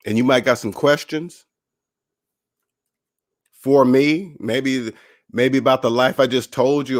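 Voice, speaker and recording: On the personal finance channel he hosts, a man talks casually and motivationally. His voice is mid-range, and he's animated, acting out others' voices when he quotes them in his stories.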